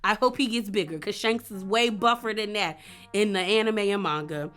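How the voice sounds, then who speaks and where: Animated, bright-voiced woman vlogger. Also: mid-range voice, moderate pace, faint music behind. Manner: animated, emphatic, slangy. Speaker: vlogger reviewing a series. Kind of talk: casual review chat.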